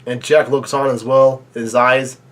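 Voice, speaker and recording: Excitable man reading and reacting live. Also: medium pitch. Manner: halting, filler-heavy reading with excited outbursts. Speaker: manga reaction channel host.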